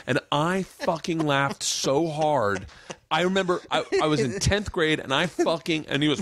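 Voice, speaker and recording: A man in his forties hosts a podcast and tells comic stories in casual chat. He is animated and swears freely, jumping into quick voices for the people in his tales. The sound is dry and close, with no room in it. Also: mid-range voice, gravelly, no echo. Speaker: podcast host. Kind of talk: casual comedic storytelling.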